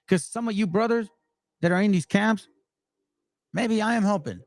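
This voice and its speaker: A man's voice: sits high, normal speed, long pauses, no echo. A man hosting a Bible channel, talking bluntly and with fire. He mixes casual commentary with scripture read aloud. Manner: blunt and direct; fiery, emphatic.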